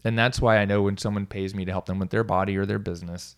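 A man's voice: on the low side, fairly even intonation, fast talker. A middle-aged man, a coach, talking casually on his own, rambling with restarts and small self-amused laughs. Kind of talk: casual solo talk.

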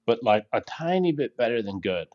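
A man explains his take in casual podcast chat and laughs often. His pitch moves a lot as he talks. His mic sounds dull and lo-fi. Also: big pitch swings, moderate pace, darkish tone. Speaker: podcast co-host.

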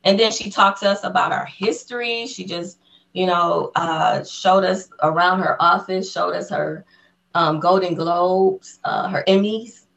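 An excited woman guest on an interview podcast recounts a personal story in a casual, chatty way, acting out the people in it as she goes. Her voice sits a little low for a woman. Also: a little slow, vocal fry, highs cut off.

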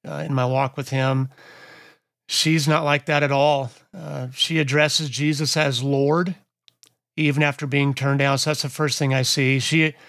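A man's voice: medium pitch, gravelly, a bit bright, dry recording, studio quality. A man co-hosting a Bible study podcast, explaining with small stammers on his first words. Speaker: podcast co-host. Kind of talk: casual Bible study discussion.

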